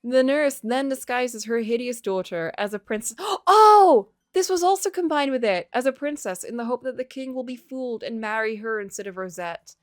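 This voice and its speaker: A woman with a fairly high voice talks quickly and barely pauses, recorded cleanly in a studio with no echo. She's streaming a game live, reading its text aloud and chatting casually. Lively and chatty, she laughs often and gasps as she reacts.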